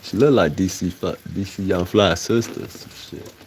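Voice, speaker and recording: A man's voice: low-pitched, moderate pace, slight background noise. A man from Chicago with a Chicago accent, talking loosely on a casual livestream and getting heated and emphatic as he goes. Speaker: livestream host.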